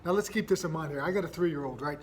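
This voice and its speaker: A man in his thirties hosting a solo parenting podcast, telling stories in a casual, energetic way and often checking in with "right?". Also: a little high, quick pace, breathy edge. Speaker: podcast host.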